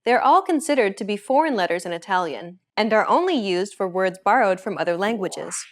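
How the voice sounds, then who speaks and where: A woman hosting a language lesson, reading a script in a clear, even, instructive way. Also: mid-range voice, fairly quick.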